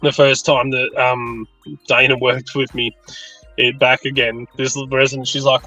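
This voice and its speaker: A man's voice: medium pitch, moderate pace, no echo, soft background music, poor audio. A man, an aged care worker telling funny work stories in casual chat and acting out the voices he quotes. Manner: animated, acts out quoted voices.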